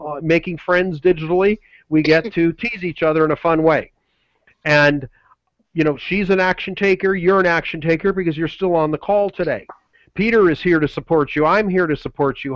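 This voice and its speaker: High-voiced pushy male sales pitcher. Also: no echo, muffled recording. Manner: pushy motivational, repetitive slogans. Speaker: webinar co-host.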